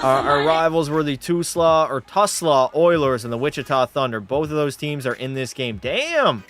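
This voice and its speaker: A young man live-streams his hockey video game in an expressive, somewhat high, slightly bright voice at normal speed, with faint music behind. He's tipsy from a few drinks, profane and rowdy, reading chat out loud, replying, and doing mock play-by-play.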